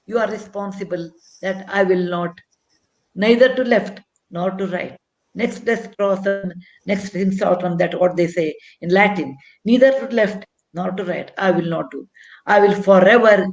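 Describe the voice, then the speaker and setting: A woman's voice: mid-range voice, echoey room. Older Indian woman telling a story earnestly. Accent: Indian English. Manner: earnest, reflective, repeats phrases for emphasis. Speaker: guest speaker. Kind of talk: storytelling at a public conversation.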